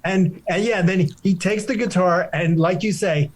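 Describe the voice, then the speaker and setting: A middle-aged man, a guest comedian, telling a rambling, animated story in casual podcast chat. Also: sits high, normal speed.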